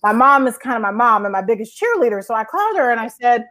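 A woman's voice: fairly high pitch, quick pace, hardly any pauses. Woman telling stories as an interview guest. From Georgia, US. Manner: lively anecdotal telling with frequent uh fillers. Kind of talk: conversational storytelling.

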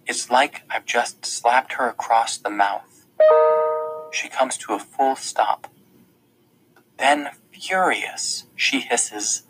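A man's voice: on the low side, steady tone, takes it slowly, fairly bright tone, slight background noise, rough recording. A man reading a first-person audiobook in an earnest, tense storytelling manner. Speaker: audiobook narrator.

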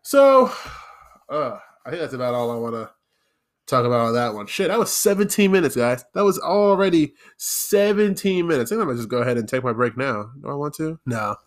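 A man's voice: medium pitch, lively intonation, a little fast. Sarcastic rambling male podcaster. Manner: sarcastic, rambling, many fillers and repeated words. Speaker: podcast host. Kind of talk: casual solo podcast rambling.

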